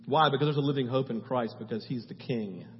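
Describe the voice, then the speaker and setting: A man's voice: mid-range voice, a little fast, a little hiss or hum. A male pastor preaching a sermon in a passionate, conversational way, asking his listeners question after question. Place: church sanctuary. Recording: reverberant hall, slightly dull sound.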